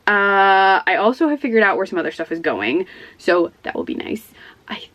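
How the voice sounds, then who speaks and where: A woman's voice: mid-range voice, lively intonation, normal speed, fairly bright tone. A woman chatting casually in a book vlog from her home office, stressed, rambling and self-deprecating, with little laughs between phrases. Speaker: book vlogger.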